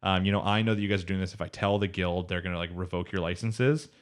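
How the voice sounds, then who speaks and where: A man with a deep voice and fairly even intonation speaks quickly while co-hosting an anime podcast. He recaps episodes in a loose, rambling chat, quoting characters in his own voice.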